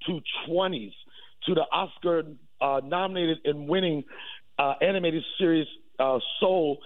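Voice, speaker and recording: A man, a comedian guest, jokes and brags in a playful comic riff during a radio interview. His voice sits a bit high and comes through dry and tinny, like a phone line. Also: measured pace, dry recording. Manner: boastful, playful comic riffing.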